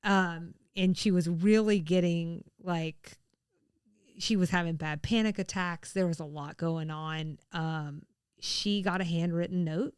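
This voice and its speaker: A woman's voice: on the low side, fairly even intonation, unhurried, clear, resonant tone, no echo, studio quality. A woman co-hosting a podcast in casual chat, chatty with many fillers and frequent laughs. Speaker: podcast co-host.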